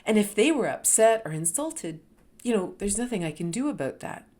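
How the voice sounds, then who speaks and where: A middle-aged woman telling a personal story, animated and dropping to whispers for emphasis. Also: mid-range voice, normal speed. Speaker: host.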